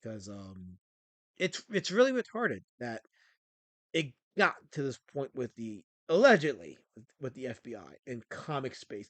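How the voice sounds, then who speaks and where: A man hosting a casual livestream, voice fairly high and sharply bright. He rambles and rants, restarting sentences as he goes, heard on a dry, close recording. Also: big pitch swings, normal speed, dry recording. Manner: rambling, ranting, frequent restarts. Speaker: stream host.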